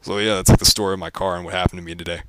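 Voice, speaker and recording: A young man ranting casually about his life as a vlogger, rambling with lots of fillers and deadpan jokes. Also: sits low, very fast, no echo.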